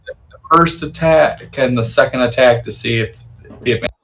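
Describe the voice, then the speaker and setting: A man plays his turn in a tabletop game, describing his character's actions in a relaxed, halting way. He talks at a middling pitch with easy, casual pacing. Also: a little hiss or hum, low-quality recording. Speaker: player.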